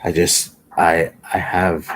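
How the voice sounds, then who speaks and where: A sleepy man speaking live commentary in a slow, halting way, often repeating himself. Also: low-pitched, little pitch movement, poor audio. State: sleepy, yawning. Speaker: livestream commentator.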